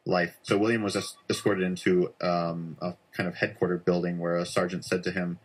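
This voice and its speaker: Deep, flat-voiced rambling man storyteller. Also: moderate pace, few pauses, slightly rough. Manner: rambling, full of "like" and "um". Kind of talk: casual conspiracy storytelling for social video.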